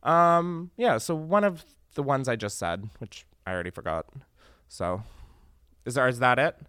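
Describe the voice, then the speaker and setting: A man's voice: medium pitch, normal speed, fairly bright tone, clear, resonant tone, dry recording, studio quality. A young man hosting a podcast, chatting casually in a campy, profane way. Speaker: podcast host.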